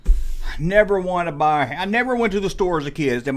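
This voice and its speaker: A man's voice: sits high, lively intonation, fairly quick. A man in his forties hosting a comedic rant, sarcastic and full of mock exasperation. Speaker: host.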